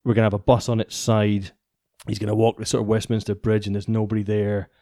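A Scottish man co-hosting a podcast, keeping up dry, laid-back banter at a quick pace. His voice is mellow and dark. The recording is close and dry. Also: lowish voice, level tone, no room sound. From Scotland. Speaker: podcast co-host. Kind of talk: casual chat.

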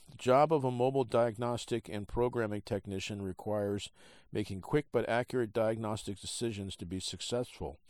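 A man hosting a podcast, reading a trade article aloud in a halting, casual way with many fillers, and he has the hiccups. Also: fairly low pitch, darkish tone, dry recording. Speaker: podcast host.

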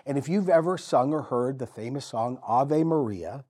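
A man preaching a sermon as pastor, telling the story vividly with dramatic pauses and repetition. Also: medium pitch, expressive, mellow, breathy edge.

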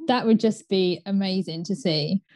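A woman co-hosting a casual chat, relaxed and newsy with frequent fillers. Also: mid-range voice, normal speed, no room sound. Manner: relaxed, newsy, many "um" and "obviously". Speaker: co-host.

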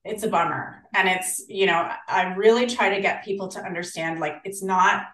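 An Australian woman chatting as a podcast guest, animated and acting out the voices of people she quotes. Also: mid-range voice, moderate pace. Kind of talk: casual interview chat. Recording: roomy, distant from the mic.

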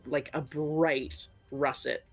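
A woman's voice: deep voice, faint music behind. A woman playing a tabletop game, describing her character casually with many fillers. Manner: relaxed, halting, with many fillers. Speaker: tabletop player. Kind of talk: casual chat.

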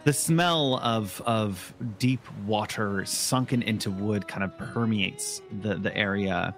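A man's voice: fairly low pitch, slow pace, fairly bright tone, faint music behind. A man narrating as game master of a tabletop game, descriptive and full of "kind of" fillers.

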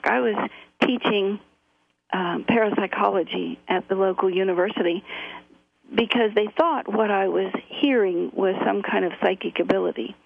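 Over a tinny phone line, a middle-aged woman is interviewed as a guest, telling her story earnestly with frequent fillers. Her voice is medium-pitched, slightly rough and marked by vocal fry.

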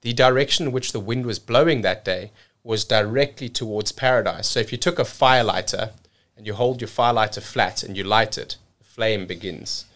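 A man from South Africa telling a story as a podcast guest, energetic and repeating words as he rushes on. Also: on the low side. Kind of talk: casual storytelling.

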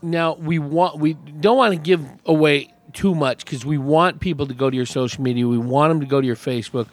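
A man's voice: a little high, brisk. A man hosting an interview podcast, asking his guest open, friendly questions. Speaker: podcast host. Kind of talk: casual interview chat. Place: comedy club showroom.

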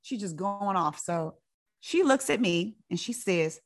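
A woman telling a personal story in a casual, animated way, often laughing. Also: medium pitch, measured pace. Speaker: guest storyteller.

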